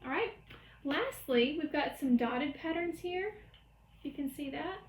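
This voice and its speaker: A woman's voice: high voice, expressive, measured pace. A woman music teacher giving a recorded lecture, explaining rhythm step by step and chanting the syllables. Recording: echoey room.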